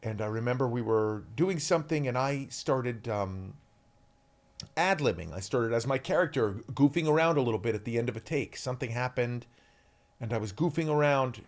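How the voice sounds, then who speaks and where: A man in his fifties, an actor guest telling stories in a podcast interview, animated and full of ums, acting out shouted quotes. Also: medium pitch, a little fast.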